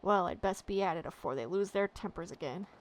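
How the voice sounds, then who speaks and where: A woman's voice: lowish voice, expressive, a little fast, lightly acted. A woman voicing a frazzled male traffic warden from a game who complains wearily in sailor dialect. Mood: put-upon.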